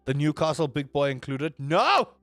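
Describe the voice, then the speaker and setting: Young male streamer with a fairly high voice, rambling and swearing while he chats over gameplay. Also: moderate pace, no room sound, soft background music. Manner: rambling, swears, answers chat and reacts to the game. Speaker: livestreamer. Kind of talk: casual gaming stream chat.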